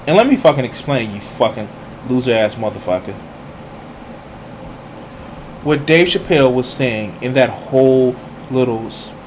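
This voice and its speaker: A man's voice: mid-range voice, a little hiss or hum. A man streaming reaction commentary, heated and mocking, swearing constantly as he picks apart a clip.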